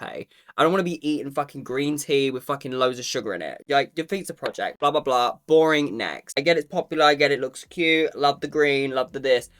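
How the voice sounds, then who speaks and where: A man's voice: medium pitch, fairly bright tone. Sassy, profane man reviewing makeup. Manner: sassy, campy and profane, calls the viewer "girl". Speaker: makeup vlogger. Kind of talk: casual makeup review to camera.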